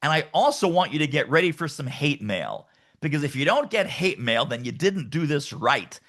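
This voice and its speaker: Middle-aged male podcast guest, emphatic and lively, bright tone, pitched a touch high. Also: normal speed. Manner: emphatic, animated, acts out quoted voices. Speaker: guest author and sales coach. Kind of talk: energetic podcast interview.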